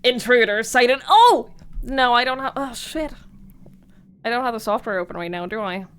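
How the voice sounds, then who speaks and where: A woman's voice: on the high side, lively intonation, normal speed, smooth. A young woman streamer chatting casually and playfully while she plays. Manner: playful, giggly asides. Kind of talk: casual gaming stream chat.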